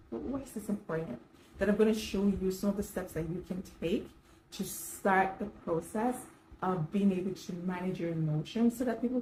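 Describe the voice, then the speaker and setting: A woman speaks in a relaxed, conversational way, circling back and restarting her sentences as she explains things to her viewers. Her voice is warm and mellow rather than bright. The room around her rings with a noticeable echo, with a faint hiss of background noise. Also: medium pitch. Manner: conversational, many fillers and restarts. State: slightly dry throat. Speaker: self-help vlogger. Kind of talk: casual advice talk to camera.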